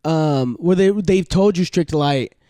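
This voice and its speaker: A man's voice: fairly high pitch, warm tone, no echo. A young man co-hosting a casual comedy podcast, loose and profane, reassuring his friend. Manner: loose, profane, reassuring, with quick voiced asides. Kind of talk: casual chat.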